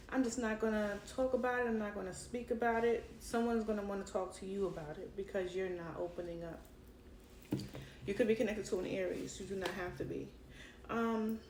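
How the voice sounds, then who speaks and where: A woman's voice: on the high side, darkish tone, echoey room, distant mic, slight background noise. A woman with a Brooklyn accent, giving a chatty tarot reading into her cell phone with many fillers and laughs. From Brooklyn, New York. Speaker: tarot reader.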